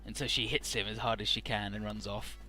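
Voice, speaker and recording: A man's voice: on the low side, steady tone, brisk, bright, forceful tone, soft background music. A man casually recapping a game's story in an offhand, profane, amused way, with frequent "uh"s.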